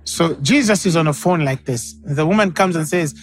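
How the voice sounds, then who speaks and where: A man's voice: a little high, a little fast, hardly any pauses, soft background music. A man preaching a sermon as pastor, acting out the people in his stories. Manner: dramatic, acts out quoted voices.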